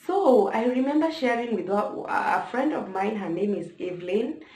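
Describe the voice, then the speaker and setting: A woman's voice: a little high, lively intonation, moderate pace, warm tone. A young woman with a Kenyan accent telling a personal story to camera, emotional and talking straight to her viewers. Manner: emotional, addresses viewers directly. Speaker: vlogger. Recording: echoey room.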